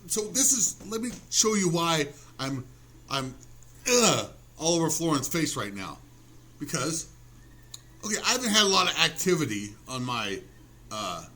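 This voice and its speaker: A man in a rambling vlog rant, his voice sitting a little high and swinging widely in pitch. He swears freely and mocks himself with a sarcastic edge, often restarting his sentences. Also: pushed and bright. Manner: profane, sarcastic and self-mocking, with many restarts. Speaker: vlogger. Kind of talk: rambling casual rant to camera.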